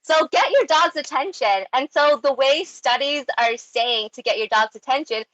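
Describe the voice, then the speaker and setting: A young woman giving a casual online talk on dog training, chatty and animated, with many ums and likes. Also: sits high, normal speed, dry recording, lo-fi sound.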